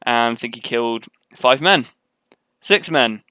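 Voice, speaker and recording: A man's voice: medium pitch, animated, unhurried, sharp tone, smooth, no echo. A young man giving live gameplay commentary in a rambling, chatty way, full of ums and tangents. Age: young adult. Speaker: gaming commentator. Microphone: webcam setup at desk.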